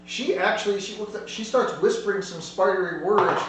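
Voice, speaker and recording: A man runs a tabletop game, talking in a loose, rambling way and restarting his sentences often. His voice sits slightly high. It sounds distant, in a very echoey room over a faint hum. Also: fairly quick, a bit bright. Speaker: game master.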